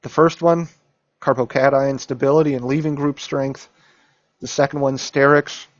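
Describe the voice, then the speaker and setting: Guy going over an exam for his class, keeps saying okay right, dry close mic, middle pitch. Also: steady tone, normal speed, dry recording. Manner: emphatic, repeats key points with frequent "okay?" and "right?". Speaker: chemistry instructor. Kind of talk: lecture reviewing an exam.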